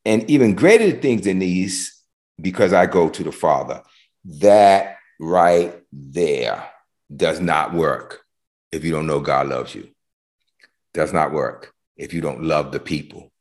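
A man's voice: extremely low pitch, sing-song, takes it slowly, pauses often, darkish tone. A man preaching a sermon to an online congregation, with swells of intensity and repeated words as he builds his point. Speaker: pastor.

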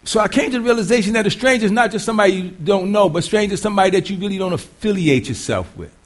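A male preacher delivers a conversational sermon, stopping often to question his listeners. His voice is high for a man and swings widely in pitch. He often restarts and repeats his words as he talks it through. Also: expressive, racing. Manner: conversational, quizzes the congregation, repeats himself.

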